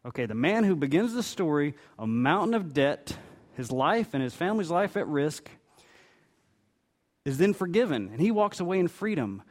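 A man's voice: on the high side, big pitch swings, normal speed, a little mellow. A middle-aged man preaching a sermon, telling a parable with expression and briefly voicing its characters. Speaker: pastor.

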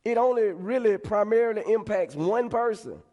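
A man's voice: high-pitched, normal speed, mellow, big-room sound, dull audio. A man preaching a conversational sermon to his congregation, repeating words and adding asides as he goes. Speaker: pastor. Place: church sanctuary.

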